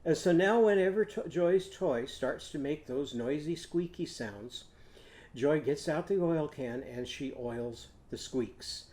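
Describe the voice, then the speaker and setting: An older man, a teacher, leading a children's phonics lesson in a gentle, patient way and prompting the kids to repeat after him. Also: fairly high pitch, expressive, slow pace.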